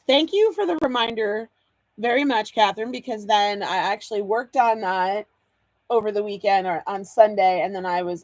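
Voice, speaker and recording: A woman's voice: medium pitch, no room sound. Bubbly woman hosting a craft live stream. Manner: bubbly, laughs often, greets viewers by name. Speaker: host of a live card-making demo.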